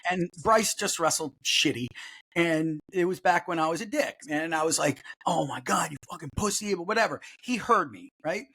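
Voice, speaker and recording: A middle-aged man hosts a relaxed podcast conversation with a notably high voice for a man. He tells his stories bluntly and curses freely, keeping the tone casual. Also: moderate pace. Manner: blunt storyteller, swears freely. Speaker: podcast host.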